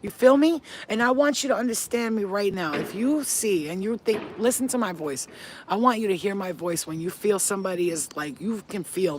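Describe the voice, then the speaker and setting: A woman giving a casual spiritual pep talk to her viewers as a reader, blunt, profane and animated. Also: mid-range voice, brisk, breathy edge.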